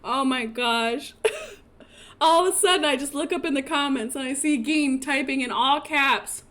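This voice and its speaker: A woman's voice: high-pitched, measured pace, a bit bright. A young woman streaming a life-sim game, chatting casually and breaking into laughing fits while she reacts to chat. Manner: giggly, laughing fits, reads chat aloud.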